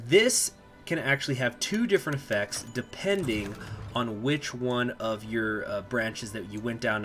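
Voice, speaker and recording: A man giving a casual gameplay walkthrough as a strategy game guide host, explaining as he goes and pausing often to think aloud. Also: on the low side, pushed and bright. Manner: chatty, explanatory, thinks aloud with many filler pauses.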